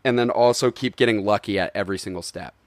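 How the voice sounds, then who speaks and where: A man's voice: fairly low pitch, fast, dry recording. A man hosting a podcast in casual chat, rambling, laughing often and swearing freely. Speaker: podcast host.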